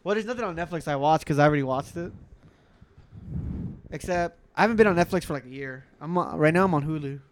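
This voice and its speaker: A man's voice: on the high side, quick pace, a little hiss or hum. A young man in casual chat, telling rambling stories and acting out what people said. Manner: rambling storyteller who acts out quotes.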